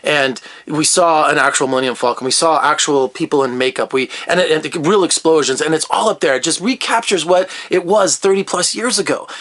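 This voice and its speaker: Middle-aged man, film critic, rapid excited rambling, slightly high voice. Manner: enthusiastic, rambling, jumps between topics. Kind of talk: casual video review.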